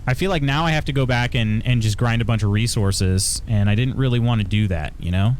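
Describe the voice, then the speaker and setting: A man's voice: mid-range voice, fairly quick, a little hiss or hum. A man live-streaming a video game, chatting casually with his viewers and chuckling often. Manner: chatty, reads chat aloud, frequent chuckles. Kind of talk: casual live-stream chat while gaming.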